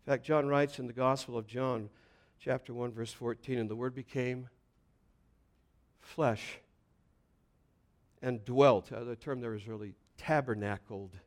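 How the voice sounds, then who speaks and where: A man preaching a sermon, reading scripture and explaining it, building to loud emphatic points and dropping to quiet, low passages. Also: steady tone, measured pace, pauses often. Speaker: pastor.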